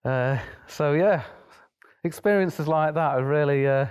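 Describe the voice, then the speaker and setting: A man's voice: on the high side, a little slow, darkish tone, clear, resonant tone. A young man, a pianist being interviewed, chatting through a travel story and acting out the dialogue in it.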